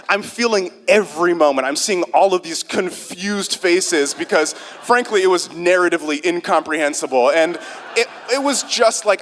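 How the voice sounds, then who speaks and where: A young man telling a funny personal story live on stage, casual and self-mocking, full of quick asides. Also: on the high side, a bit bright. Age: young adult. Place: theater stage before an audience.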